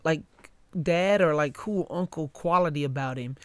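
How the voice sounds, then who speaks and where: A man co-hosts a podcast in an easygoing, agreeable way, often restarting with repeated words. His voice sits a little high, and the recording is close and dry. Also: normal speed, no echo. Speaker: podcast co-host. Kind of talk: casual chat.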